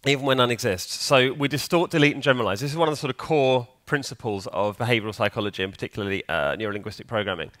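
A man's voice: medium pitch, very fast, hardly any pauses, a bit bright, no room sound, clean studio sound. Chatty man quizzing a conference audience. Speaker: conference speaker. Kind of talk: conference talk. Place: conference hall.

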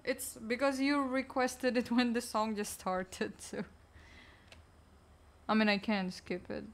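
A woman streamer chatting casually while gaming, answering chat in a chatty, distracted way. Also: fairly high pitch.

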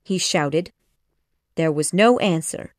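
A woman narrating a children's classic audiobook in a measured, expressive storytelling manner. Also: deep voice, no room sound, clean studio sound.

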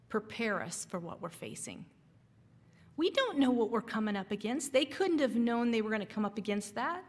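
A woman tells a church story and draws lessons from it, earnest and full of dramatic pauses. She speaks slowly, and her voice trails off into the long reverb of a church hall. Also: fairly high pitch. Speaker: Sabbath School teacher. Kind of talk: storytelling sermon.

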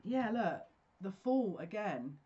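A woman leads a pick-a-card tarot reading, gushing and emotional as she spills out her thoughts in quick restarts. Her voice sits at an ordinary middle pitch. The audio is dull and lo-fi. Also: sing-song, mellow, breathy edge.

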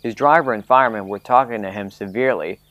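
A man reading a children's storybook aloud in a measured, expressive way. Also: on the low side, highs cut off. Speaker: narrator. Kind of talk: storybook narration. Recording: background music.

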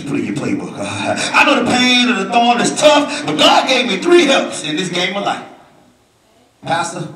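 A man preaching a sermon as pastor with a Southern US accent, swinging from low talk to shouting and calling on the congregation to answer. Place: church sanctuary. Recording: roomy church sound from a distance, music behind.

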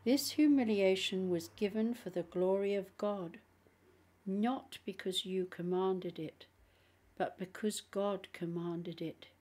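A woman's voice: mid-range voice, darkish tone. Woman with a cold reading an audiobook. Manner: slow, deliberate reading. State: has a cold, coughing. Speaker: audiobook narrator.

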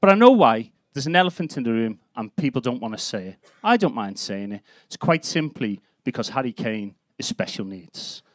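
A man's voice: medium pitch, sing-song, moderate pace, few pauses, no echo. A man in his fifties from Liverpool with a Scouse accent, doing a live stand-up set in a comedy club with a brash, sweary, punchy delivery. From Liverpool, England. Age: 50s.

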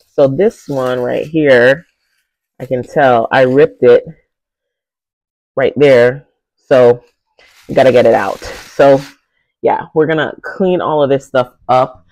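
A talkative, excitable man gives a casual tour of his home garden. He speaks at a middling pitch on a handheld phone outdoors, and the sound is dry, with no room echo. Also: vocal fry. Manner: chatty, excitable, often says "y'all". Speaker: garden vlogger. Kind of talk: casual walk-through vlog.

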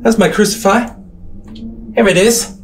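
A man's voice: high voice, fairly even intonation, a little slow, recorded from a distance, slight background noise. Scared young man swearing through a horror game. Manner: frightened, swearing, exclaiming. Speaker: gaming streamer. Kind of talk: casual gameplay commentary.

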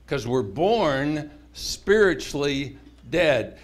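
Humorous, higher-voiced male preacher. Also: drawn-out words. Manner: animated, jokey storytelling with voices. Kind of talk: humorous mini-sermon. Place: chapel with congregation.

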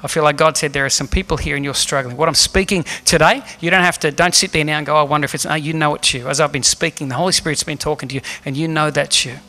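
A man's voice: a little high, fairly even intonation, fast talker, hardly any pauses, bright, forceful tone. A man preaching a sermon as pastor in a church, earnest and emphatic, asking the room rhetorical questions. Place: church hall.

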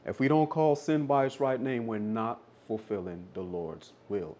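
Man preaching a sermon; firm, repetitive emphasis, middle pitch. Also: normal speed, darkish tone, a little hiss or hum. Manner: insistent, repeats lines for emphasis.

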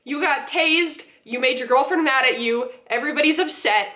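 A woman's voice: high voice, moderate pace, pushed and bright. A woman giving blunt, profane commentary on prank videos, laughing at her own remarks. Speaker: YouTuber reacting to prank videos. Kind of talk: casual commentary.

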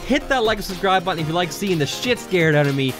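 A man's voice: high voice, animated, quick pace. A man hosting a horror game let's play, jittery and joking nervously, with frequent swearing. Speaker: gaming channel host. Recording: game music loud behind the voice. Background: game music.

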